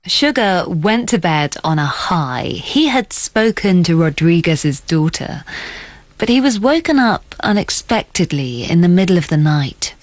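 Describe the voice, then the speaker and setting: A woman with a fairly low voice narrates a documentary and puts questions to her guests. Her delivery is measured and clear. The recording is dry and close. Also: sing-song, no echo. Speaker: documentary host and interviewer. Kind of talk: scripted narration and interview questions.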